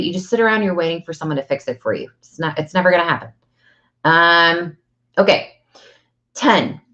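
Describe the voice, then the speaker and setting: A woman's voice: on the low side, a bit bright. Earnest woman teaching energy healing, lo-fi. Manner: earnest and direct, with rhetorical questions. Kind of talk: casual spiritual talk to camera.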